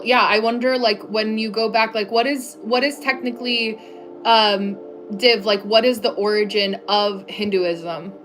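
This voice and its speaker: A mid-range, fairly bright voice belongs to an American woman hosting a casual livestream from her home desk. She chats loosely with viewers, her speech full of "like" fillers and regular laughs.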